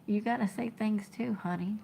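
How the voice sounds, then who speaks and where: A woman, talking to her live-stream viewers in an emotional, halting way that often drops to a whisper. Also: medium pitch, creaky, mellow, slight background noise. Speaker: trucking vlogger reading live chat.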